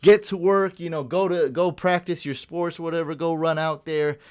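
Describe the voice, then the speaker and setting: Animated young man telling a story. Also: on the high side, clean tone. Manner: animated storyteller, quick tangents and laughs. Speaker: podcast co-host. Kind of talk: casual chat.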